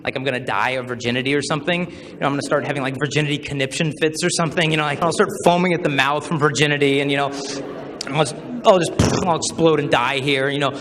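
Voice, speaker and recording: A man's voice: on the high side, fast talker. A young man in his twenties giving a humorous talk, acting out the voices in his stories. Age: 20s. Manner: animated, acts out quoted voices. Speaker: chastity speaker. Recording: hall reverb with faint noise.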